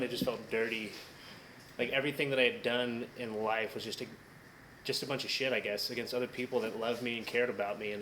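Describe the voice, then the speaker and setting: A man's voice: medium pitch, fairly bright tone, slight background noise, rough recording. A man graduating from a program, giving a candid, reflective personal speech at a ceremony.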